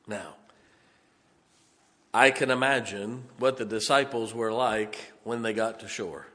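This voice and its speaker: A pastor delivers a folksy, story-driven sermon, voicing the characters of his story himself. He sounds a little high with a sharp tone, and the sanctuary adds a long church-hall reverb.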